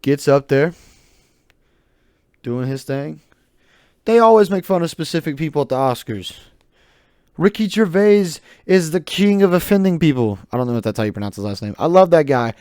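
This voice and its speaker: A young man talking solo into his podcast mic, rambling from thought to thought with jokes and strong opinions. His voice runs a touch higher than most men's, and the recording is dry and close with no room echo. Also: animated, normal speed, long pauses, a little mellow. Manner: rambling, joking, loose and opinionated. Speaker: podcast host. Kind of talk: casual solo podcast monologue.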